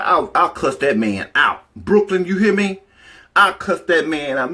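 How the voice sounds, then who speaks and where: With a high, sharp voice and lively delivery at a moderate pace, a man spins uncensored stories on an informal livestream. He wanders between anecdotes and breaks off to welcome viewers in the chat.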